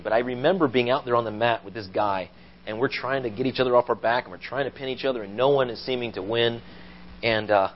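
Male preacher telling sermon stories with animated delivery, dull low-fi church recording. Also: slight background noise. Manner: animated storytelling, rising to loud acted quotes.

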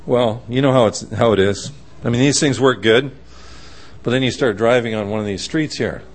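A man with a medium-pitched voice preaches a sermon at a moderate pace. He tells stories in an animated way, acting out the voices of the people in them.

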